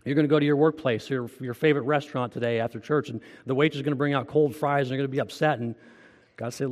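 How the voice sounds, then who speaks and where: A man's voice: mid-range voice, fairly even intonation, quick pace, darkish tone. Man preaching in a reverberant church. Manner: earnest, conversational preaching with direct questions. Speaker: pastor. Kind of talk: sermon.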